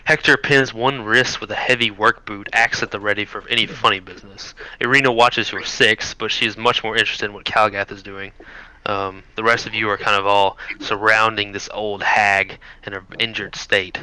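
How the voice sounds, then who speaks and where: Bright, crisp game master man. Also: on the low side, flat delivery, moderate pace, no room sound, rough recording. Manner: hesitant with many ums. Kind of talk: narrating a tabletop game.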